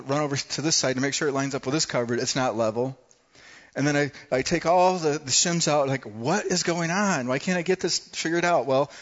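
A man preaching a sermon, telling a personal story in a conversational way with dramatic pauses. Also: mid-range voice, dull audio. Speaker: pastor.

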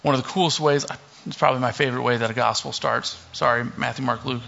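A man's voice: mid-range voice, quick pace, gravelly. A young man preaching a casual sermon, reading scripture and slipping in joking asides. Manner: relaxed, joking asides, many fillers. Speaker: pastor. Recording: dull lo-fi recording.

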